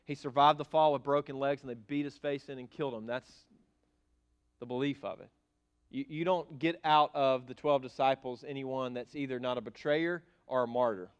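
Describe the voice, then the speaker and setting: A middle-aged man preaching a sermon as pastor in a church, animated and emphatic, with sudden loud bursts. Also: medium pitch, moderate pace, clean tone, highs cut off. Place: church sanctuary.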